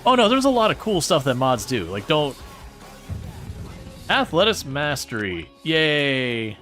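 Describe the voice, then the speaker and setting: A man chatting casually with viewers while streaming a game, sarcastic and animated. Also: on the high side, unhurried, music in the background. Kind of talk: casual gaming livestream chat.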